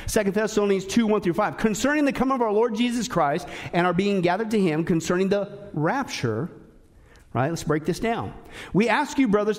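A male pastor preaching a sermon in an emphatic, animated way, with frequent asides to his listeners. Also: high voice.

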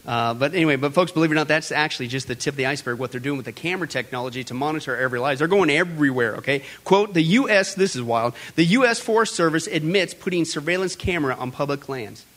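A man with a high speaking voice hosts a commentary show. He preaches emphatically and keeps calling out to his listeners in a folksy way. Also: a bit bright. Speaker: host. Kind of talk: preaching commentary on current events.

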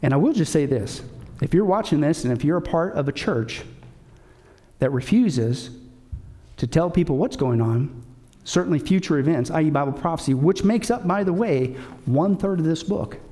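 A male pastor preaching with a high, lifted voice. He presses each point hard and keeps throwing questions back at his listeners. Now and then he drops in a dry joke. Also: animated, moderate pace, dark tone. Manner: emphatic, asks the audience rhetorical questions. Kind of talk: sermon.

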